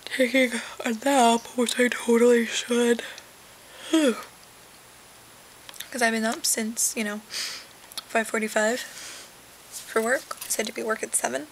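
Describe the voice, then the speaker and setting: A woman's voice: on the high side, level tone, slow pace, pauses often, slight background noise, rough recording. A young woman vlogging casually from her bed, rambling with lots of fillers and trailing asides. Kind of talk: casual webcam vlog. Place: sitting in bed at home. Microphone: webcam.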